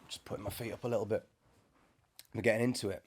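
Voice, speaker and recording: A man's voice: fairly low pitch, fairly even intonation, fast, a little mellow, husky. Man giving a casual faith talk. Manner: conversational, with joking asides. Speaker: Christian speaker. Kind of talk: informal spiritual teaching to camera. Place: indoors, sitting before a bright camera.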